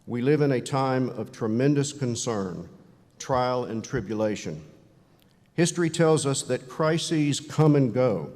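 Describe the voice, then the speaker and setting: A man's voice: medium pitch, expressive, measured pace, a little mellow. A man giving a commencement address to graduates in an earnest, uplifting tone with emphatic repetition. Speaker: commencement speaker. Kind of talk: formal speech. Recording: long hall reverb.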